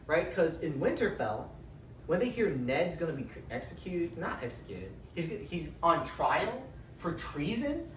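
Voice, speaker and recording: A man's voice: a little high, big pitch swings, measured pace. Chatty young man, roomy and far off. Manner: chatty, profane, keeps tagging "right?". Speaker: lecturer recapping a book series. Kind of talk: casual, rambling spoken recap. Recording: roomy, distant from the mic, faint hiss.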